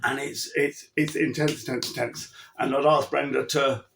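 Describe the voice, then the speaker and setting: A man's voice: medium pitch, level tone, moderate pace, creaky, fairly bright tone, slight background noise. A man who trains horses, giving an emphatic, chatty riding lesson and acting out his cues to the horse. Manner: chatty, with restarts and asides. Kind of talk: instructional talk.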